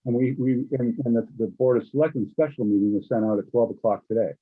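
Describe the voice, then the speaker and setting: A board member questioning officials at a public meeting, speaking haltingly with frequent restarts. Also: male voice, medium pitch, steady tone. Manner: halting, many restarts and repeated words. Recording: husky voice on a tinny phone-like line.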